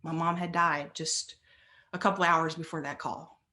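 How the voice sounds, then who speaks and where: An earnest middle-aged woman gives a storytelling talk on stage, building her points through repeated, emphatic phrases. Her voice sits a little low for a woman. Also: steady tone, normal speed, pushed and bright. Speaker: motivational speaker.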